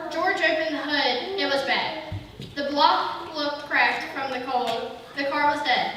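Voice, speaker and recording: A woman with a high-sitting, sharp-toned voice reads a Christmas story aloud at a slightly slow pace in a church sanctuary. She corrects small slips as she goes, recorded from far off in the echoey hall with faint hiss.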